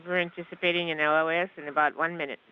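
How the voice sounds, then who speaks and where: Man interpreting live radio traffic; high-pitched, halting, muffled broadcast audio with faint hiss. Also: flat delivery. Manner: halting, with fillers and restarts.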